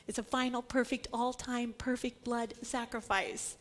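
A woman with a high, bright-pitched voice teaches scripture with real conviction. She leans on repeated words for emphasis and slips into the voices of the people in the stories she tells. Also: little pitch movement, moderate pace, husky. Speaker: Bible teacher. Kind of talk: Bible study teaching.

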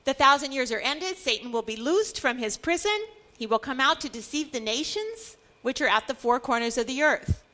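A woman's voice: high voice, animated, moderate pace, hardly any pauses, pushed and bright. A middle-aged woman teaching a Bible study, earnest and building to emphatic declarations.

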